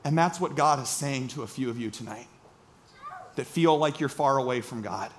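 A man's voice: medium pitch, normal speed, a little hiss or hum. A man in his thirties from Iowa preaching a sermon, earnest and storytelling, asking the congregation questions. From Iowa, United States. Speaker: pastor.

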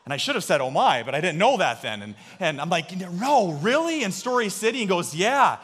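Animated male preacher in an echoing hall. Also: on the high side, a little fast. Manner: animated storyteller, drops to a hush for quoted voices. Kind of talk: sermon storytelling. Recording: long hall reverb.

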